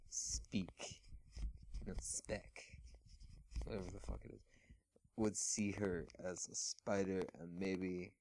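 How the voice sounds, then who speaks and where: A man's voice: low-pitched, flat delivery, unhurried, a little mellow, slight background noise. A man casually reading fan fiction aloud at home, amused, chuckling and stumbling over words as he goes.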